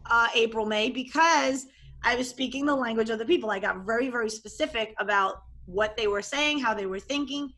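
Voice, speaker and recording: A woman life coach talking casually in an interview, animated and expressive, often acting out what she and others said. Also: fairly high pitch, a little fast. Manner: animated and expressive, acts out quoted voices.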